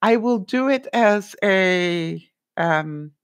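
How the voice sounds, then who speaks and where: A middle-aged woman hosting a casual livestream, talking to her viewers and reading their comments, animated and full of fillers and rhetorical questions. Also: medium pitch, extremely slow, smooth.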